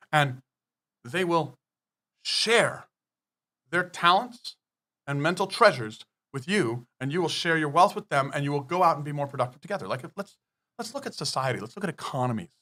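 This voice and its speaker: A man with a slightly raised voice lays out his ideas point by point, punching key words and swearing freely. He talks like a forceful business speaker holding court in a podcast interview. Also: on the high side, sing-song, normal speed. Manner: emphatic, profane, lecturing with numbered points. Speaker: business guest.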